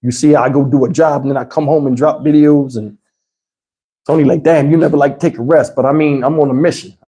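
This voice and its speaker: A middle-aged man tells a profane, animated story to his livestream chat. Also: brisk. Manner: animated, profane, swings into high voices to mimic others. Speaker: livestream host.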